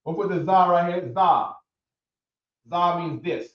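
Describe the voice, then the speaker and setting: A man teaching a language class in a relaxed, coaxing way, drilling words out loud and checking in with the students. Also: high-pitched, measured pace. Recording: echoey room, dull lo-fi sound.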